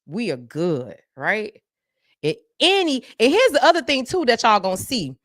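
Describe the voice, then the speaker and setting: A woman hosting a live podcast, talking straight to her viewers in a lively, preacher-like call-and-response style. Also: mid-range voice, moderate pace, no room sound, clean studio sound. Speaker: podcast host. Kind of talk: live-stream chat with viewers.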